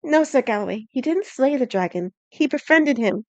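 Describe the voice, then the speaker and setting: A woman voicing an earnest young princess in an audiobook, her voice lifted high and pleading. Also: expressive, moderate pace, no room sound.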